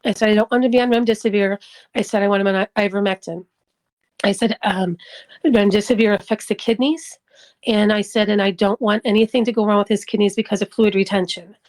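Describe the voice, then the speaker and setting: A woman's voice: mid-range voice, fairly even intonation, brisk, darkish tone, low-quality recording. A middle-aged woman giving an emotional personal testimony in an interview. She acts out the dialogue as she tells it. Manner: emotional storytelling, acting out dialogue.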